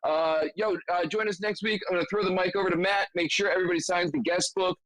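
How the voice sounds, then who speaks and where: A man's voice: sits high, steady tone, fast, fairly bright tone, no room sound, rough recording. A man hosting an online meetup in a loose, laughing casual chat with many fillers. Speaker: meetup host.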